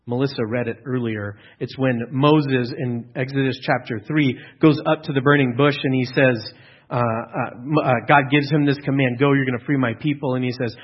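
Husky-voiced man preaching a sermon. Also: medium pitch, fairly even intonation, normal speed, lo-fi sound. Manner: earnest, teaching, with frequent restarts and fillers. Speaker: pastor.

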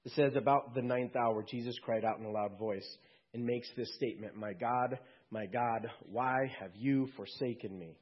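A man preaching a sermon to his congregation in a conversational way, with quick asides and jokes. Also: medium pitch, husky, muffled recording. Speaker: pastor.

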